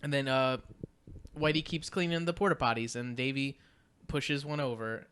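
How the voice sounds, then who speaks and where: A podcast co-host recaps a movie in a casual, rambling chat, full of "uh" and "like" and frequent laughter. The voice is medium-pitched, steady, a bit bright, clear, and resonant, at a moderate pace.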